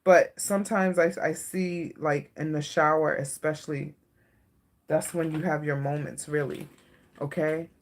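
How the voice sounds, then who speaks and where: Low gravelly woman reading tarot live. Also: steady tone, measured pace. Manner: soft-spoken, emotional, reassuring, checks in with "okay?". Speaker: tarot reader.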